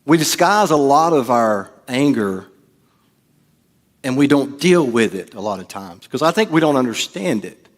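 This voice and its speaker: A man's voice: medium pitch, animated, normal speed. Conversational male pastor preaching. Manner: conversational preaching with jokes and acted-out quotes. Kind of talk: sermon. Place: church.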